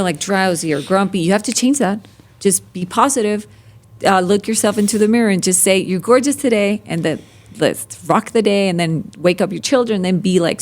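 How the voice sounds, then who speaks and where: A woman hosting a podcast interview, animated and quick to laugh, with frequent short affirmations. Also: mid-range voice. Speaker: podcast host. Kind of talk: interview conversation.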